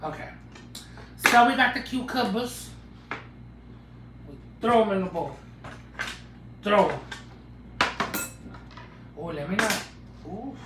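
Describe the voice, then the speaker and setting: A man's voice: sits high, lively intonation, slow, pauses often, roomy sound, noisy background. A man hosting a live cooking stream, chatting with viewers in a joking, playful way as he cooks in a home kitchen. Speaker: cooking livestream host. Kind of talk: casual live cooking chat.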